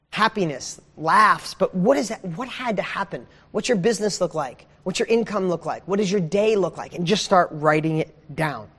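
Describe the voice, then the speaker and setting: A man leading a motivational session for a members' group, fired up and preachy, throwing out rapid questions and swearing casually. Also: sits high, long reverb tail. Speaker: success coach hosting a members' group. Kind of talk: energetic motivational livestream.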